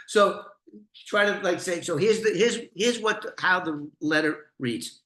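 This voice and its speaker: A middle-aged man with a New York accent telling an old story, animated and swearing freely. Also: high-pitched, measured pace. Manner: animated, swearing, restarts, laughs. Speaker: storyteller, former informant. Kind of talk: casual storytelling to camera. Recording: echoey room.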